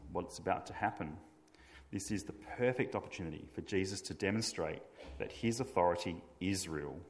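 Deep-voiced man preaching in a reverberant church. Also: a little mellow. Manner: measured, emphatic preaching delivery. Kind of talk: sermon.

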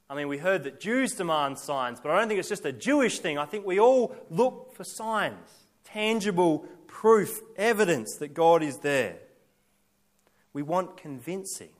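A man's voice: sits high, big pitch swings, unhurried, pauses often. A male pastor preaching a sermon, emphatic, building his points through repeated lists and rhetorical questions.

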